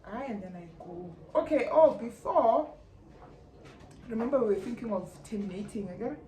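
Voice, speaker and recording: A young South African woman with a South African accent, telling a personal story in a lively vlog and acting out her relatives' lines. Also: fairly high pitch, moderate pace. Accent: South African English. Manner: animated, acts out relatives' lines, slangy. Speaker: YouTuber. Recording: echoey room, faint background hum.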